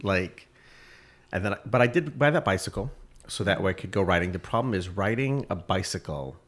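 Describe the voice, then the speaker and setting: A man with a very deep voice chats loosely on a podcast. He rambles and trips over his words as he goes. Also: lively intonation, a little fast. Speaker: podcast co-host. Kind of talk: casual chat.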